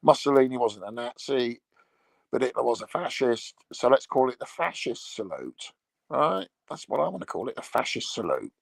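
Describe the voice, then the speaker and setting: A man's voice: medium pitch, big pitch swings, moderate pace, gravelly, no room sound. A middle-aged English man chatting crudely and rambling to viewers while lying on a bed at home. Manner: crude, swearing, meandering. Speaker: livestream host. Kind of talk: rambling casual chat to viewers.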